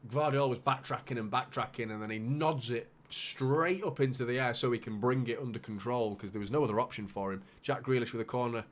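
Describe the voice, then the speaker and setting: A man hosting a live football watchalong, calling the play with bursts of excitement and muttered asides. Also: mid-range voice, a little fast, hardly any pauses. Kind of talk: live match commentary for a fan watchalong.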